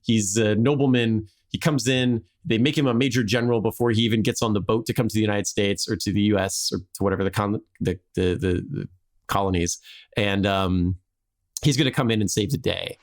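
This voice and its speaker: A man's voice: on the low side, fairly quick. A man hosting a podcast, telling a history story in a rambling, casual way with frequent restarts and laughs.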